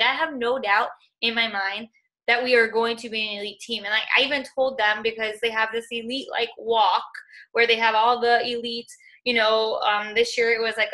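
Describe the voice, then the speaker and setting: Bright-voiced young woman rallying her team. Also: fairly high pitch. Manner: earnest, encouraging, heavy use of "like" and "y'all". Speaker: fitness coaching team leader. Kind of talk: motivational talk on a group call.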